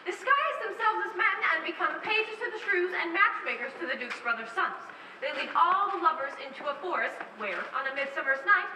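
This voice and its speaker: A woman performer narrating a comic stage show in a brisk, deadpan way. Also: very high voice, noisy background. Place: theater stage. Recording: roomy stage sound from a distance.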